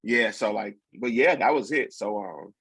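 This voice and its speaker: A man in his forties telling a personal story in casual chat, acting out what others said with lively slang. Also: on the low side, moderate pace, creaky, breathy edge, dry recording. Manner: animated, acts out quotes with slang. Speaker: podcast guest.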